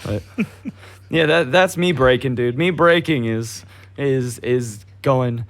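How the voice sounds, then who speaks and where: A young man holds forth on a casual podcast, his voice sitting at an ordinary middle pitch. He rants with heat and frequent swearing, sometimes slipping into mocking voices to make fun of his targets. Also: takes it slowly. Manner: profane, heated, mocking voices mid-rant. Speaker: podcast co-host.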